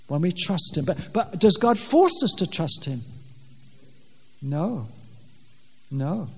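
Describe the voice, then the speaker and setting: A man with a high voice preaching a sermon in earnest, plain words. He often stumbles and restarts, then rises loudly on the scripture lines. He is recorded in a church hall with a long, ringing reverb. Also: normal speed. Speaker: pastor.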